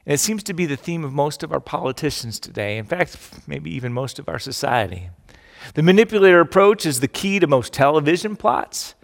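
A middle-aged man preaching a sermon, animated and emphatic, acting out the quotes he tells. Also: on the high side, normal speed, vocal fry, big-room sound. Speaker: pastor.

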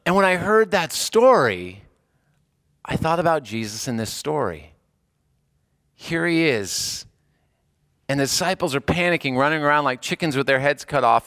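A man preaching a conversational sermon, moving between animated bursts and quiet, hushed passages. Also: mid-range voice, normal speed, clear, resonant tone, dry recording, studio quality. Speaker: pastor.

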